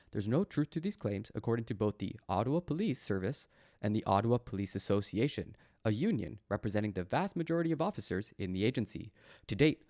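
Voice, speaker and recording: Sarcastic male streamer mocking the news. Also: mid-range voice. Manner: sarcastic and mocking, talks back to a chat; reads posts aloud, then mocks them. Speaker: live streamer reacting to news posts. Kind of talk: casual live-stream commentary.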